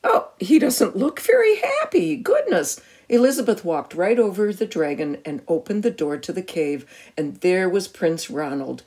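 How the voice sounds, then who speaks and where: A woman reading a picture book aloud to a child, animated, with gasps and questions for the listener. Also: fairly low pitch, a little slow, breathy edge.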